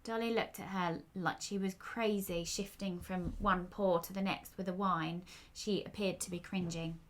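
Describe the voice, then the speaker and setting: A woman's voice: on the low side, steady tone, normal speed. A woman storyteller reading her own fiction aloud in a wry, conversational way.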